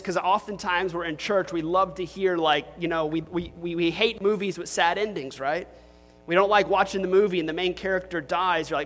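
High-voiced pastor in a reverberant church. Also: male voice, normal speed, a bit bright. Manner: conversational, with joking asides to the congregation. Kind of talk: sermon. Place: church sanctuary.

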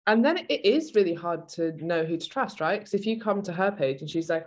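A woman's voice: lowish voice, animated, a little fast. A woman from the UK co-hosting a fitness podcast, chatting casually with lots of filler words. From United Kingdom. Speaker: podcast co-host, fitness coach.

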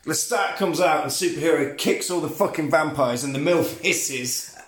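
A man's voice: fairly high pitch, normal speed, a bit bright, roomy sound. A man recapping a film plot in casual comedic chat, swearing and laughing as he mimics the characters. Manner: sweary, laughing, retells scenes with quoted voices. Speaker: podcast co-host recapping a film.

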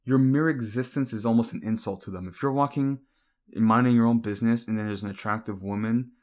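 A man's voice: medium pitch, quick pace, darkish tone. A young man talking casually to the camera in a rambling, hesitant way, full of fillers and restarts. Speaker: vlogger.

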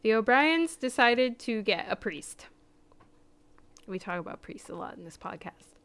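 A woman hosting a podcast, telling a spooky story in a casual, chatty way that sometimes drops to a hushed tone. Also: a little high, lively intonation, a little slow. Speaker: podcast host.

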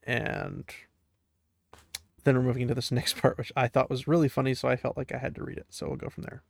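A man casually recapping a book chapter and reading passages aloud, chatty and quick to laugh. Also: mid-range voice, flat delivery, gravelly, no room sound, studio quality. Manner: chatty, laughs often, many fillers.

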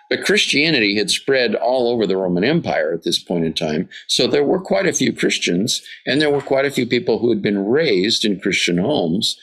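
A man's voice: mid-range voice, vocal fry, fairly bright tone. A man giving a conversational Bible teaching, reading passages aloud and checking in with his listeners with "right?" and "okay?". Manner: reads passages aloud, then comments.

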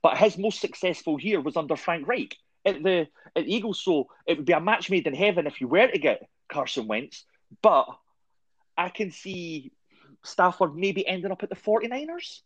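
Man, podcast host, rambling chat, fairly high voice, dull dry lo-fi sound. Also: expressive, moderate pace, husky, dry recording. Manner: rambling, lots of "I mean" and "um". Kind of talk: casual sports podcast chat.

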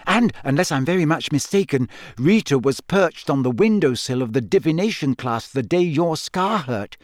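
Audiobook: eager, clever teenage witch girl, read by a man, lifted higher, quick and sure of herself, dry booth. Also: animated, dry recording, close to an everyday voice. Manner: eager, brisk and know-it-all. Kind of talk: audiobook character voice.

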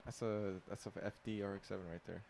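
A man's voice: fairly low pitch, fairly even intonation, quick pace, vocal fry, a little mellow, slight background noise. A young man co-hosting a casual podcast, reading out odd facts with jokes and plenty of swearing. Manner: joking, swears a lot, reads facts aloud. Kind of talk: casual chat.

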